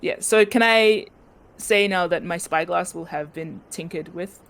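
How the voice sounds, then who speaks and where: A woman's voice: fairly low pitch, a little slow, fairly bright tone. Giggly chatty woman player. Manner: chatty, giggly, restarts often. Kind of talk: casual tabletop game chat.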